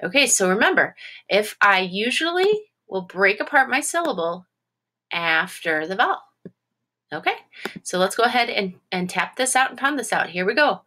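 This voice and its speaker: A woman teacher giving a recorded phonics lesson to young students, encouraging and sounding out syllables slowly. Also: mid-range voice, very animated, sharp tone.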